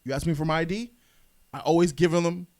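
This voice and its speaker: A man's voice: fairly high pitch, a little fast. A man hosting a podcast, telling a story in casual chat and acting out the people in it. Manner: animated storyteller, acts out quotes. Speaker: podcast host.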